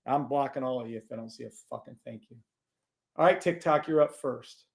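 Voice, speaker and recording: A man hosting a live trading stream, gruff and blunt, swearing and scolding his viewers while he calls out trades. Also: medium pitch, brisk.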